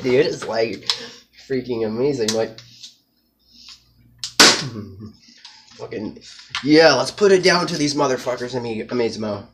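A man's voice: mid-range voice, measured pace, long pauses, background noise. A man delivering a crude, rambling comedic rant, profane and peppered with Spanish slang.

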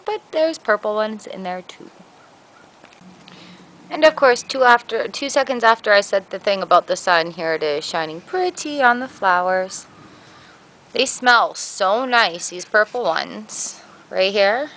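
A woman's voice: mid-range voice, expressive, unhurried, a bit bright, rough recording. A woman chatting casually in a home vlog, playful, switching to baby talk with her dog. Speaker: vlogger. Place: garden outdoors.

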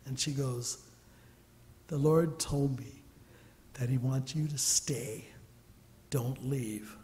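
A man's voice: medium pitch, slow, dark tone, slight background noise. A man, a church elder, preaching a sermon in a storytelling way, acting out the people in his stories and dropping to near whispers at times. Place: church sanctuary. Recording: long reverb of a large hall.

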